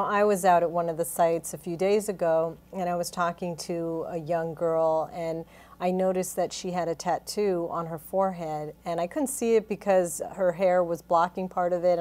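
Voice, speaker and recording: A woman's voice: fairly low pitch, darkish tone. A woman interviewing a guest, speaking earnestly, telling stories and leaning on fillers and repeated words. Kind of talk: interview conversation.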